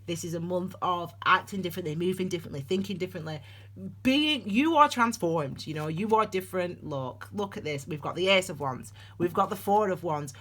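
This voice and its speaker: A woman giving a tarot reading for her channel, talking in a chatty, digressive and animated way. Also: fairly low pitch, fairly quick. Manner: calls viewers "my darlings". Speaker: tarot reader. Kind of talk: casual tarot reading vlog.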